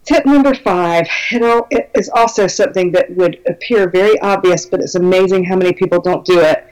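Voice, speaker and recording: A woman's voice: fairly low pitch, fairly quick, darkish tone, rough recording. A woman talking as a guest belly dance teacher in a casual conversation, chatty and enthusiastic with many fillers.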